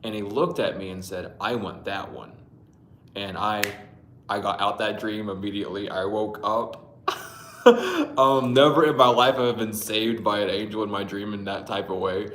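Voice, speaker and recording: Livestream host, male, lowish voice, rambling and profane, greets viewers, echoey room. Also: steady tone, moderate pace, a bit bright, slight background noise. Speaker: livestream host reading dreams. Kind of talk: casual livestream dream storytelling. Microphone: Bluetooth mic.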